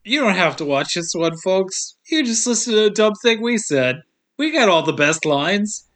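A man's voice: high-pitched, expressive, moderate pace, a bit bright. A young man hosting a podcast, chatting casually and jokingly, laughing a lot and slipping into mocking voices. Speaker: podcast host. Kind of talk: casual chat.

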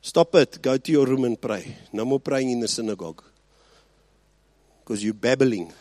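A male pastor preaching a sermon, swinging between loud emphasis and quiet asides and often checking in with his listeners. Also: medium pitch, moderate pace, no room sound. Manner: rhetorical check-ins with the congregation.

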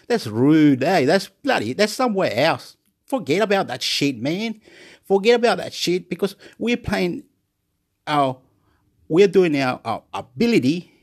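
Excitable rambling man, wildly lively pitch. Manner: repetitive, excitable, swings between shouting and muttering. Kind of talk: rambling motivational monologue. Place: at home, indoors.

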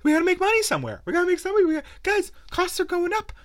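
A man putting on a squeaky, mocking voice of a greedy male game-publisher executive. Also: wildly swooping pitch, very fast, no room sound, clean studio sound, exaggerated voice. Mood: whining excuses. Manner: high-pitched mocking whine.

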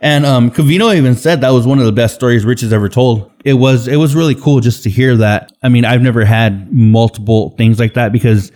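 A man's voice: medium pitch, brisk, few pauses, a little mellow. Rambling, swearing male podcast host. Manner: rambling, swears freely, mimics others. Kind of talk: casual chat.

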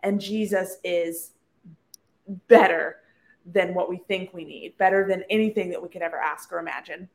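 A woman's voice: lowish voice, steady tone, normal speed. Chatty woman podcast co-host. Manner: chatty, filler-heavy, reflective. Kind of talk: casual book-club chat.

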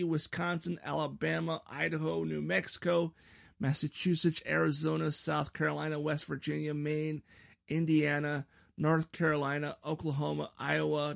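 A man chats casually on his solo podcast, rambling, self-deprecating, and stumbling over his words. His slightly high voice is gravelly and fairly bright, and the sound is dry and close, with no room and no echo.

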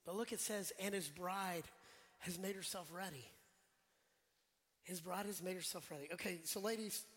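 A male pastor preaching a sermon in a relaxed, conversational way, putting questions to the congregation and joking with them. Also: sits high. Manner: conversational, quizzes the congregation, jokes. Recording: long church hall reverb.

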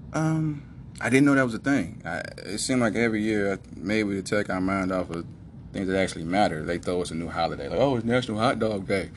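Brief: podcast host, man, low voice, emphatic casual storyteller, faint hiss behind. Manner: animated, slangy, emphatic.

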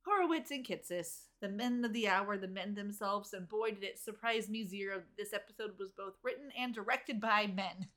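A woman co-hosting a casual TV recap podcast, talking in a tired, wry way with quick asides and frequent laughs. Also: mid-range voice, a bit bright. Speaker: podcast co-host recapping a TV episode. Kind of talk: casual chat.

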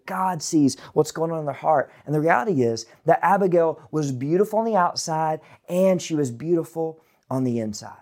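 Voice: medium pitch, lively intonation, normal speed, hardly any pauses, darkish tone. A Bible teacher giving a casual, conversational online lesson, with chatty asides to the viewers.

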